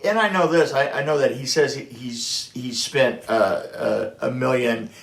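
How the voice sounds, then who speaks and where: Gravelly older man telling stories. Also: medium pitch, measured pace. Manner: tells stories with restarts, acting out what people said. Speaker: production designer guest. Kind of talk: casual anecdote telling. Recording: echoey room.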